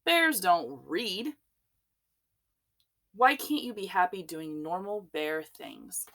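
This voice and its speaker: A woman's voice: lowish voice, very animated, slow, fairly bright tone, exaggerated voice. A woman voicing a scornful, bossy female bear sister who scoffs at her brother. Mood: scoffing.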